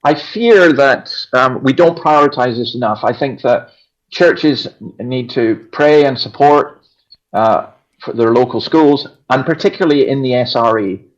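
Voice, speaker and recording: Earnest Scottish pastor, muffled sound. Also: male voice, mid-range voice, measured pace. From Scotland. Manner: earnest, emphatic, with restarts. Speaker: pastor and show regular. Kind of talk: conversational religious talk. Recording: dull lo-fi sound.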